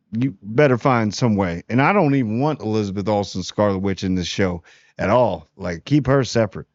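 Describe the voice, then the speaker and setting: A man from New Jersey gives a casual, blunt TV spoiler review. His pitch is mid-range, with lively jumps when he gets worked up and many restarts. The recording is dry and a little dull, with no room sound. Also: no echo. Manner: blunt, animated, frequent restarts. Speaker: TV review host.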